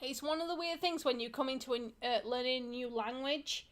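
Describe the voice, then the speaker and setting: A woman with a high voice chatting on a casual livestream. She rambles and giggles, tripping over her own restarts as she goes. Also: brisk. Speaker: streamer co-host.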